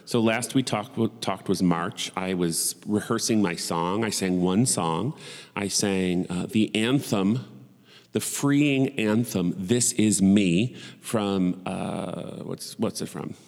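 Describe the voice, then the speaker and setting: A man's voice: low-pitched, slow, gravelly, darkish tone, long reverb tail. A man in his forties hosting a podcast in casual solo chat, rambling and profane with wry asides. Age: 40s. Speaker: podcast host.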